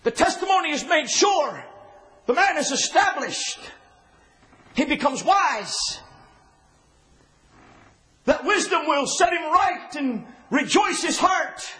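A man preaching a sermon in an impassioned way, often shouting and then dropping low and quiet. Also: sing-song, takes it slowly, long pauses.

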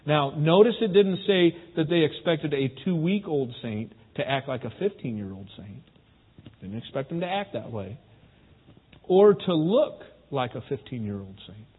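A man's voice: a little high, animated, moderate pace, breathy edge. A man preaching a sermon, talking easily to his congregation and often asking them questions. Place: church sanctuary. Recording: phone-like, with long hall reverb.

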